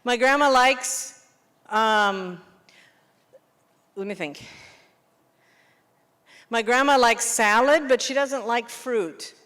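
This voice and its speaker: A woman English teacher leading a workshop, explaining classroom games in an animated way and checking in with the room often. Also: on the high side. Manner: lively, animated teacher, quick questions to the room. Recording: long reverb of a hall.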